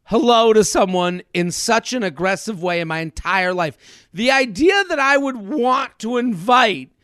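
High, bright-voiced animated male host. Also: a little slow, no echo, clean studio sound. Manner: animated storyteller, acts out quotes. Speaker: podcast host. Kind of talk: comedic podcast chat.

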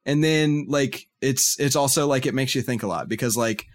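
A man's voice: medium pitch, moderate pace. A man co-hosting a podcast in casual chat, recommending things with enthusiasm and lots of "uh" and "like". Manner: enthusiastic, filler-heavy recommender. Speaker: podcast co-host.

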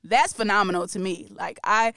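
A woman's voice: mid-range voice, normal speed, gravelly, bright, forceful tone, no echo, clean studio sound. A woman hosting a podcast, chatting casually and with strong opinions about music news, laughing often. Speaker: podcast host.

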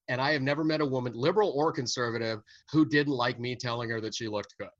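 An older man from the United States, a veteran stand-up comic, talks bluntly and without apology in a casual interview, chuckling as he makes his points. His voice sits at an average pitch. The audio is slightly dull and lo-fi, with a dry, close sound. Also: fairly bright tone, dry recording. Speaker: stand-up comedian, guest.

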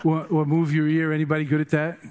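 A man's voice: fairly high pitch, monotone, fast talker, noisy background. An older man, a meditation teacher, giving a dharma talk full of humorous, rambling stories.

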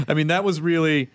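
A man hosting a podcast, chatting casually and reacting with quick jokes. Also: fairly high pitch, no echo. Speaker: podcast host. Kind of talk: casual interview chat.

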